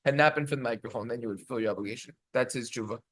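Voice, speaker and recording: A man's voice: medium pitch, fairly bright tone. A man, a rabbi, gives a halachic lecture, reading sources in Hebrew and translating them with plenty of fillers. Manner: quick, reads sources aloud in Hebrew then translates with many fillers. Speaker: rabbi teaching a class.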